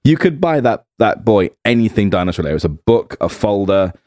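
Male co-host, low lively voice, deliberate setups. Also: no room sound, studio quality. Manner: slow, deliberate setups with lots of "right?" and "now,". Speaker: podcast co-host. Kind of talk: casual chat.

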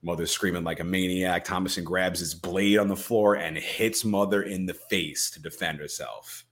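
A man's voice: low voice, normal speed. A man co-hosting a podcast, retelling a film scene by scene and acting out the quoted lines with energy. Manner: animated storyteller, acts out quoted lines. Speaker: podcast co-host.

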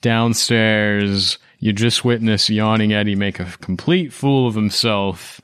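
A man's voice: on the low side, fairly even intonation, slow pace, a bit bright, clean tone, dry recording, studio quality. A man narrating and running a tabletop role-playing game in a laid-back, jokey way, often breaking into laughter. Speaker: game master.

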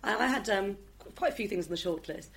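A woman's voice: mid-range voice, animated, quick pace, gravelly. A woman with a Welsh accent chatting casually and rambling, with many ums and restarts. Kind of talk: casual chat.

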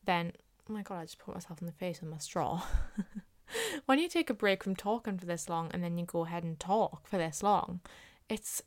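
A woman's voice: fairly low pitch, animated, normal speed, no echo. A young woman hosting her own podcast in a casual solo talk, earnest and often repeating her points for emphasis. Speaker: podcast host.

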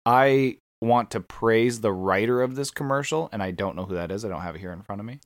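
A man's voice: fairly low pitch, a little fast, no room sound, clean studio sound. A man co-hosting a podcast in casual chat, gushing and enthusiastic, often restarting his sentences. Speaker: podcast co-host.

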